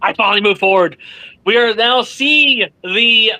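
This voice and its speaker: A man being interviewed as an author, telling a story with lively energy, swearing freely and acting out what others said. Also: high-pitched, unhurried, no room sound, rough recording. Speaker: author guest. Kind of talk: animated storytelling in casual chat.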